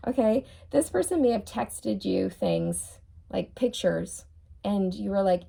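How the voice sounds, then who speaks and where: Her voice is medium-pitched, warm, creaky and expressive, and she speaks unhurriedly as she reads tarot cards in a monologue. Blunt and teasing, she mocks the person the cards describe, laughs as she goes, and keeps asking the viewer "okay?"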